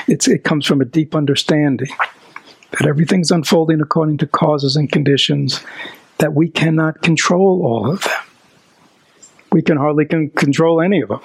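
A man with a gravelly, slightly husky voice, pitched a bit high, gives a Buddhist dharma talk. He keeps quizzing his listeners and sometimes whispers for emphasis. The sound is dry and close. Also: no room sound, low-quality recording. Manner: animated, asks the audience rhetorical questions. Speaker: dharma teacher.

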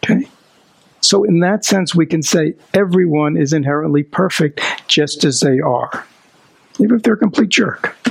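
A man's voice: high voice, vocal fry, slightly rough, rough recording. A man giving a Buddhist dharma talk. He keeps asking his listeners questions and drops into a whisper to stress a point. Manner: animated, asks the audience rhetorical questions. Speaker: dharma teacher.

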